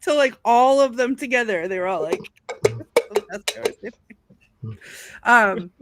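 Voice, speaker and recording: A woman on a video call chatting excitedly with friends on a live stream, laughing often as she talks. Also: fairly high pitch, measured pace, heavy background noise. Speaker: panelist. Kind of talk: casual chat on a live stream.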